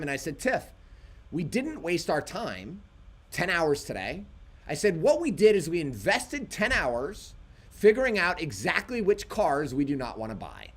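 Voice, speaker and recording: A man co-hosting a casual livestream, telling animated stories and quoting himself along the way. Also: a little high, normal speed. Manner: animated storytelling, quotes himself. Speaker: livestream co-host.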